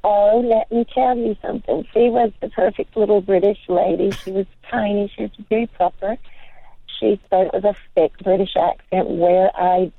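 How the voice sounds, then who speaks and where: An older woman talks in a rambling, chatty way, her voice rough with vocal fry. She comes through a thin, phone-like line with a dry, close sound. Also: medium pitch, fairly even intonation, normal speed, no room sound. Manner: rambling, chatty, full of "you know". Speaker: guest. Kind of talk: casual interview chat.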